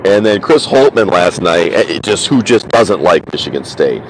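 A man with a very deep voice hosts a casual sports talk show. He is opinionated and chatty, tripping over repeated words and teasing with frequent laughs. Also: sing-song, normal speed, a little hiss or hum, poor audio.

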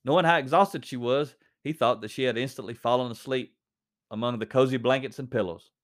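A man with a middle-pitched voice reads a story aloud, then talks it through conversationally. He mixes plain reading with casual asides and fillers. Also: fairly quick. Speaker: reader and commentator.

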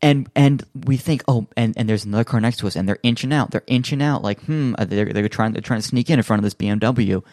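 A man's voice: mid-range voice, fast talker, hardly any pauses, a little mellow, dry recording, clean studio sound. A man in a casual chat, telling stories in a rambling way with many fillers and restarts, acting out what people said. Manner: acts out quoted voices in his stories.

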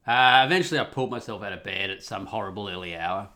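A man talks through a personal story in a loose, rambling monologue. His voice sits fairly low but sounds bright and sharp, and his tone stays wry and profane throughout. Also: fast. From Australia.

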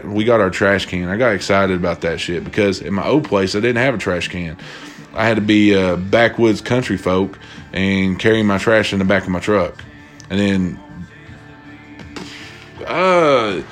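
Male podcast host, lowish voice, rambling and profane, faint music under him. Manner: profane, rambling, animated storytelling with quoted voices. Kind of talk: casual solo podcast rant. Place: at home, drinking bourbon while recording.

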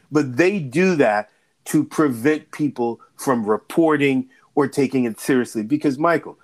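A man, a political and legal analyst, talking emphatically in a candid discussion and firing off repeated rhetorical questions. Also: fairly high pitch.

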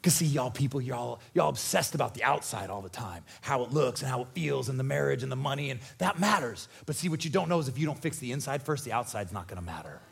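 A man preaching a sermon as pastor, animated and conversational, joking and acting out voices. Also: medium pitch, fast, creaky, hardly any pauses, husky. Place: church.

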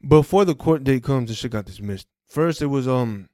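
A man hosting a podcast, telling a personal story in a casual, profane, animated way and re-enacting conversations. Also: mid-range voice, normal speed. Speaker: podcast host.

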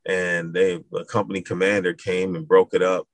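A middle-aged man from Madison, Wisconsin with a low voice, recorded dry and close. He tells his stories in a casual, animated way. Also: moderate pace, no room sound. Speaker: guest, school founder. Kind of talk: casual storytelling interview.

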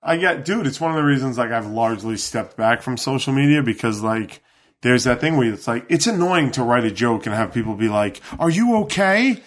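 A man's voice: mid-range voice, lively intonation, brisk. A man in his forties co-hosting a podcast, talking in casual chat, blunt and profane, his voice climbing when he gets worked up. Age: 40s. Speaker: podcast co-host.

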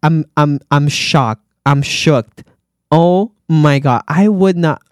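A podcast host and healthcare worker reading listener stories aloud and reacting with animated exclamations, talking straight to the listeners. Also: mid-range voice, takes it slowly, no room sound, clean studio sound.

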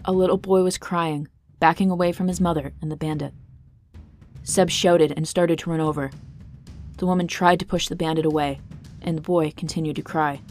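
A woman narrates a fantasy story with dramatic, tense pacing. Her voice sits on the low side. A faint guitar plays behind her. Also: fairly even intonation, normal speed, darkish tone. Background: faint guitar music.

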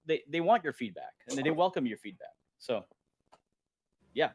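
A man's voice: a little high, big pitch swings, moderate pace, darkish tone, breathy edge, no room sound. A man on a podcast roundtable, hesitant with many fillers but encouraging to listeners. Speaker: podcast guest. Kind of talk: casual roundtable chat.

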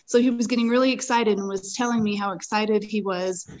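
A woman's voice: mid-range voice, fairly even intonation, a little fast, lo-fi sound. Earnest woman telling a detailed story. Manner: earnest, detailed, vivid retelling. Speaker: podcast guest. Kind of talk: personal storytelling in a conversation.

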